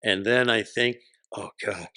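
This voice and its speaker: A man in his sixties, a comedian guest, telling stories in casual chat with a punchy, profane delivery and quick character voices when he quotes people. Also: fairly low pitch, bright, forceful tone, dry recording, studio quality.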